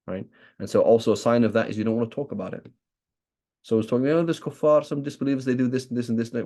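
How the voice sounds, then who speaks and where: A man's voice: fairly low pitch, creaky, dark tone. A man with a British accent giving a conversational religious lesson, often asking "right?" and acting out what people might say. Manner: keeps asking "right?", acts out imagined speakers. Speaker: religious teacher.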